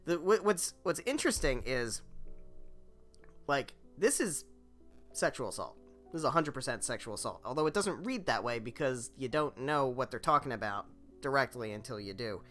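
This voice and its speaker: A man's voice: mid-range voice, sing-song, moderate pace, fairly bright tone, soft background music. A young adult man streaming a game, reading its text aloud with blunt, reactive asides. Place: home streaming setup.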